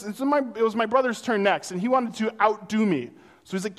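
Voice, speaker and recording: A man's voice: high voice, fairly quick. A man preaching a sermon in a conversational way, telling personal stories and acting out the people in them. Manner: conversational, animated storytelling with acted-out quotes. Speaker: pastor. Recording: long reverb of a hall.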